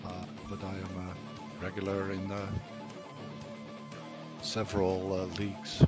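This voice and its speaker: A man's voice: deep voice, monotone, unhurried, over loud music. A man from the Netherlands with a Dutch accent, a team driver chatting casually and modestly as a guest. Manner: modest, hesitant, laughs easily. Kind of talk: casual chat.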